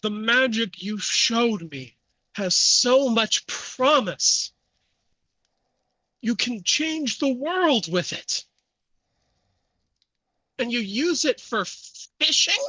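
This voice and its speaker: A man voicing a young, ambitious male killer who speaks slowly and with contempt. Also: very high-pitched, expressive, sharp tone, dry recording, pitched above the performer's own voice, heavily acted, rough recording. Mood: scornful.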